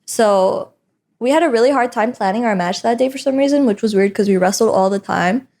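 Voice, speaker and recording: A young woman, a professional wrestler, telling stories in a casual interview with an animated, laughing manner. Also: on the high side, brisk. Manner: animated, laughing often, acts out voices in stories. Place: indoor interview set.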